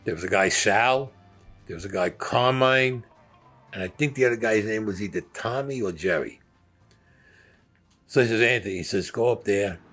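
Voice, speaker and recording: Husky low-voiced guy, swears constantly, tells his old stories blunt and acts out everyone's lines. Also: normal speed, pauses often, fairly bright tone, soft background music. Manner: blunt, profane storyteller who acts out dialogue. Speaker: former gangster telling his story. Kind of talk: recounting stories to camera.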